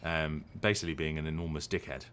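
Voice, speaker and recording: Very deep-voiced man chatting casually. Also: fairly even intonation, quick pace, fairly bright tone, slight background noise. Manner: rambling, hesitant, many ums and restarts. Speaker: voice actor streaming a game. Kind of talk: casual live-stream chat.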